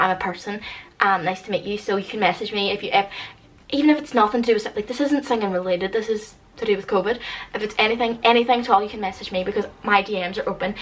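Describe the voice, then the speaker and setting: A woman's voice: mid-range voice, a bit bright, far from the mic, low-quality recording. A young woman in her late teens from the UK, ranting casually to camera at home in a rambling, exasperated way, with lots of "like". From United Kingdom. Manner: rambling and exasperated, heavy use of "like". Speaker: vlogger.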